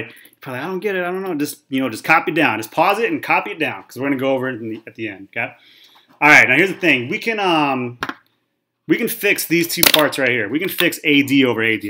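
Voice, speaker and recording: This thirtysomething math teacher's mid-range voice sounds pushed and bright as he chats his way through a whiteboard lesson, frequently asking "okay?" and "right?"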